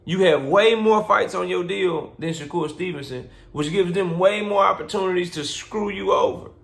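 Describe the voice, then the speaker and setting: A man's voice: sits high, moderate pace, gravelly, fairly bright tone. A man hosting a boxing commentary vlog, speaking in a casual, blunt and profane rant that lectures his listeners. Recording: roomy echo.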